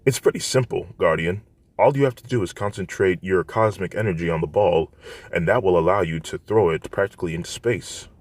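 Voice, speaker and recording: A man's voice: low voice, a little fast, no room sound. A man doing a helpful spirit-guide ghost.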